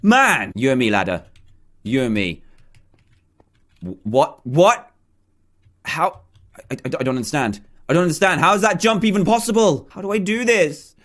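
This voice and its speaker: A man hosting a gaming channel, giving excitable, chatty let's-play commentary and talking to himself as he plays. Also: mid-range voice, unhurried, pauses often.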